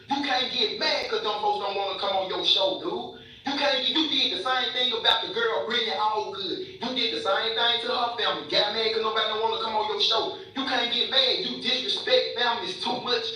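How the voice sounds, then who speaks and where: A man's voice: very high voice, sharp tone, heavy reverb, far from the mic, poor audio. A young man angrily ranting in a live video, profane and repetitive, calling people bro and man. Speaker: social media commenter. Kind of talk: angry live video rant.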